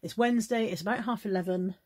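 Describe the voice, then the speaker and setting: A woman's voice: mid-range voice, quick pace, a little mellow, slightly rough, no room sound. A middle-aged woman, chatting casually to a handheld phone camera in her vlog diary, self-deprecating and talking to her dog. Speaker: vlogger.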